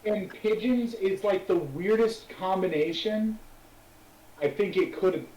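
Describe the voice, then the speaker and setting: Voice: mid-range voice, slow pace, dark tone. Player teasing a friend, kinda far from the mic, echoey. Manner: teasing, laughing. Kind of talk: tabletop game banter. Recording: roomy, off-mic with faint hiss.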